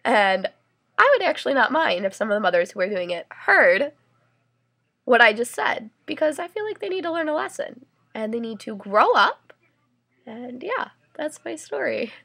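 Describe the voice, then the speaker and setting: Young female vlogger, gravelly and a bit husky, chatty story-and-rant delivery. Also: a little high, sing-song, moderate pace, bright, forceful tone. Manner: chatty, many fillers and "like"s, indignant rant. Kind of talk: casual storytelling to camera.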